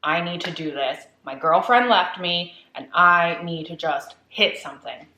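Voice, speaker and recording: Woman quoting a calm, deadpan heartbroken young man. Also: on the low side, measured pace, reverberant.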